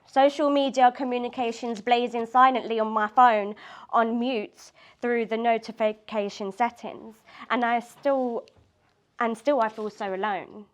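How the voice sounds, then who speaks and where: Woman poet with a fairly high voice reading her own work and chatting with a small crowd between poems. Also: fairly even intonation, measured pace. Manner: laughs often, loose chat with fillers before reading. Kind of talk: poetry reading and casual chat. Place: community space at a live reading event.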